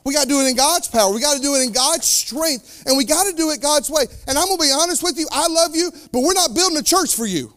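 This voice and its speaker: A man preaching a sermon as pastor, with fervent delivery that swings between loud declarations and quiet, slowed asides. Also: very high voice, lively intonation.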